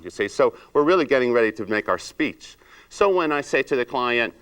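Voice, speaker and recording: A man's voice: mid-range voice, fairly quick, clean tone. A man leading a salon industry training seminar, acting out client chats and asking the room rhetorical questions. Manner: animated, acts out client chats in raised voice.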